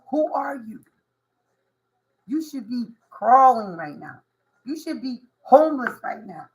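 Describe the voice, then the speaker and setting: A woman speaks straight to her viewers in a spiritual tarot reading, slightly high in pitch. She talks emphatically and preachily, leaning on slang and repeating her points for weight. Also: poor audio. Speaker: tarot reader.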